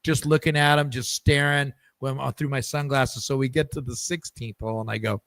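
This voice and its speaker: A man's voice: medium pitch, steady tone, a little fast, a bit bright, no room sound. A man hosting a podcast in casual chat, telling stories with many restarts and repeated words. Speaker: podcast host.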